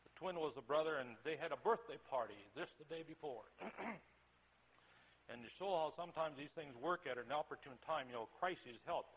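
A man's voice: on the high side, expressive, moderate pace, fairly bright tone, husky, low-quality recording. Older man, folksy radio talk. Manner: folksy storytelling, acts out quoted voices. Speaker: retired Lutheran pastor. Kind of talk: recorded talk on family intervention.

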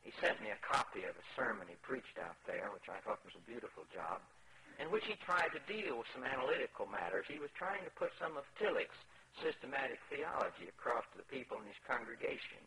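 A man giving an anecdotal lecture on preaching, animated and acting out the people he quotes. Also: medium pitch, fairly quick, rough recording. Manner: animated storyteller, acts out quotes. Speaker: speaker on preaching.

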